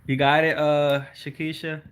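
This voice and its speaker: A man's voice: fairly high pitch, flat delivery, a bit bright, smooth. A man hosting a casual livestream, reading out viewer comments and answering them in a chatty way. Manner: slows down to spell out links. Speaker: livestream host.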